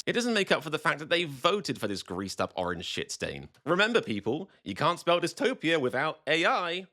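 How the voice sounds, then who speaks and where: British male host, mocking and sarcastic, animated delivery, mid-range voice. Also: medium pitch. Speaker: political commentary host. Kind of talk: scripted political commentary.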